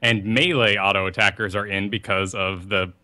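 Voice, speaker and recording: A young man co-hosting a casual gaming podcast, telling rambling, animated stories. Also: lowish voice, normal speed. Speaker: podcast co-host.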